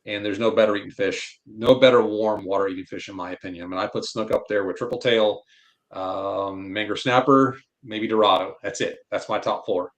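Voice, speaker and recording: A man from Florida, a podcast guest, telling fishing stories in a blunt, animated, opinionated way. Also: on the low side, a little fast. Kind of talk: casual fishing chat.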